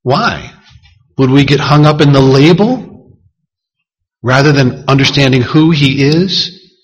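A man preaching a sermon, explaining scripture in a measured, teaching manner. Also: medium pitch, slightly rough, poor audio. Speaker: pastor.

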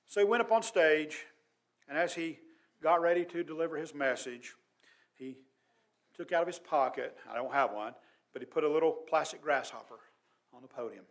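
A man preaching a sermon as pastor, earnest and emphatic, his voice swelling loud and dropping quiet. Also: fairly high pitch, expressive, moderate pace.

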